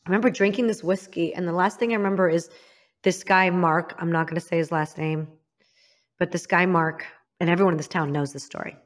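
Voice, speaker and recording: A woman's voice: fairly low pitch, fairly even intonation, a little fast. Frank woman telling a painful story. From Illinois, United States. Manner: frank and emphatic, drops to a hushed voice for painful memories. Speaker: interview guest. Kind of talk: candid personal storytelling.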